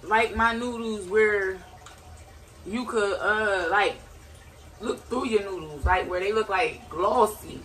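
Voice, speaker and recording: A woman hosting a casual mukbang food challenge vlog, a little hoarse from a cold, chatting straight to her viewers. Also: medium pitch, slow, a bit bright. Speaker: mukbang vlogger.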